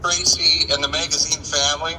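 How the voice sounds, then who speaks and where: A man's voice: fairly high pitch, flat delivery, fairly quick, bright, forceful tone, big-room sound, slight background noise, low-quality recording. A man giving an earnest, crowd-rousing thank-you speech.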